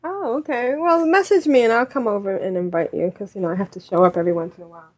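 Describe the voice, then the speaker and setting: A woman hosting a gaming podcast in casual chat, upbeat and quick to laugh, reading listener reviews. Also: mid-range voice. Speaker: podcast host. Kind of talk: casual chat, running the show.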